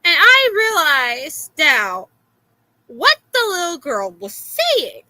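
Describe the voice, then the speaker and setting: A woman with a Florida accent telling a story in a casual, exasperated way, filling pauses with "uh". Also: sits high, low-quality recording. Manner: animated, exasperated, many "uh" fillers.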